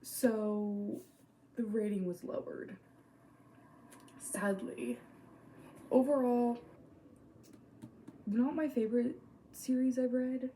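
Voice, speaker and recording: A young woman talks casually to camera at home in a fairly high, mellow voice. She is blunt and swears freely, trailing off into hesitant asides. A faint hum of room noise sits behind her. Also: steady tone, takes it slowly, pauses often. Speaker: reading vlogger.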